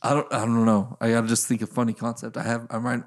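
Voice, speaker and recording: A young man from Idaho hosting a casual chat, animated and laughing often, cursing freely. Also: medium pitch, fast. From Idaho, United States. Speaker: podcast host.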